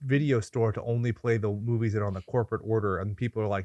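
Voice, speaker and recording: A man's voice: on the low side, steady tone, fast talker, darkish tone, no echo, muffled recording. Sarcastic man on a podcast, dry sound. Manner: sarcastic, joking asides. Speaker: podcast host. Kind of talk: casual movie review chat.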